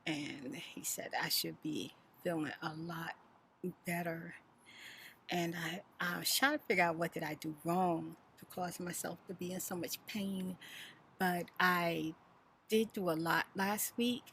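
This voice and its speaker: A woman telling a story in a soft-spoken, chatty, animated way. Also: on the low side, measured pace, a little hiss or hum. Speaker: ASMR vlogger. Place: home in Houston.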